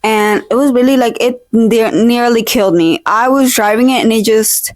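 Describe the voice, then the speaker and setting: A young woman chats casually into a close mic at home, rambling with lots of fillers and playful fake-outs. Her voice sits a little high. The sound is dry, with almost no room echo. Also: normal speed, darkish tone. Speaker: vlogger. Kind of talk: casual chat. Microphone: own desk mic, held close.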